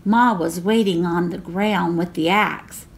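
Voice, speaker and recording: A woman reading a picture book aloud as a library storyteller, slow and expressive. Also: on the low side, creaky.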